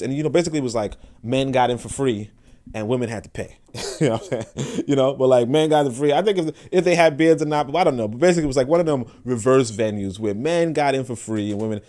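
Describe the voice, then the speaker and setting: A man hosting a podcast, talking in an animated, casual way with frequent restarts and asides to listeners. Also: mid-range voice, fast talker. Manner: laughs and asks listeners for agreement. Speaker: podcast host. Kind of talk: casual monologue.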